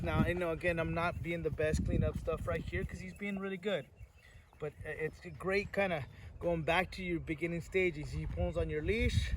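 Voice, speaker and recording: A man teaching dog training outdoors, explaining steps and calling commands and praise to the dog. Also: high voice. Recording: distant, noisy outdoor camera audio.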